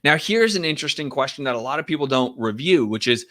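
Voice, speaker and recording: A man's voice: mid-range voice, animated, fast talker, a bit bright. A man teaching in a casual, direct way, often acting out sample phone calls to show what to say. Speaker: real estate investing coach.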